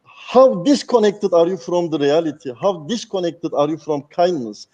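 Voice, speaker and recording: A man's voice: on the high side, normal speed, mellow, highs cut off. A man, a guest speaker talking candidly and passionately, swearing freely. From Turkey. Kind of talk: candid interview talk.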